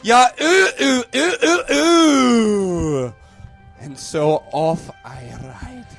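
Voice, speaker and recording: Man doing a scrawny young Scottish hobbit, whiny and high-pitched, bursting into boastful wails, with faint music underneath; an improv comedy bit. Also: lively intonation, unhurried. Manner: high, wailing, swings to boastful shouting. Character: feeble, whiny young male hobbit dreaming of adventure.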